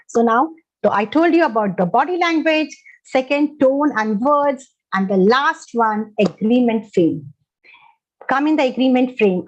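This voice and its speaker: A woman's voice: fairly high pitch, a little mellow. A woman with an Indian English accent giving a motivational talk to a live audience, asking questions and repeating her key phrases. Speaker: motivational speaker. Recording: dull, muffled sound.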